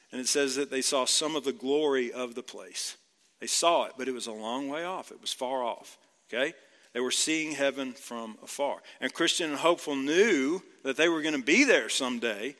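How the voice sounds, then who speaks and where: A man's voice: on the high side, pushed and bright, big-room sound. A male pastor from Georgia preaching a sermon in a conversational way, often checking in with "right?".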